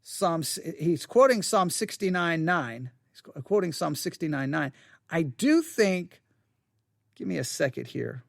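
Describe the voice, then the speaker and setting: A man's voice: fairly high pitch, big pitch swings, measured pace, gravelly, no room sound, clean studio sound. A man giving a devotional Bible teaching for a podcast, thinking aloud with restarts and stammers while seated at a desk.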